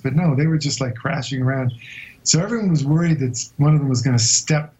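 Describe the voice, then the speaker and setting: A man being interviewed as a guest explorer, telling a long story in a vivid but halting way with many hesitations. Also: mid-range voice, darkish tone, low-quality recording. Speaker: guest explorer recounting an expedition.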